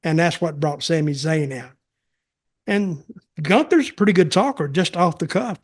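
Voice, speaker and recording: Older man, podcast host, rambling folksy delivery, slightly higher voice. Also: expressive, normal speed. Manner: rambling, folksy, repeats himself. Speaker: podcast host, wrestling veteran. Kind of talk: casual storytelling chat.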